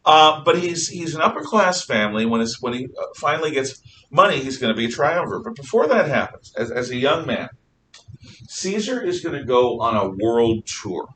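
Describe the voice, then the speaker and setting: A male teacher lecturing a class in a lively, swooping voice that sounds bright and forward. He tells the story with jokes, asides and restarts. The mic sits well back from him and a faint noise hums behind. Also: mid-range voice, normal speed, far from the mic. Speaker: history teacher.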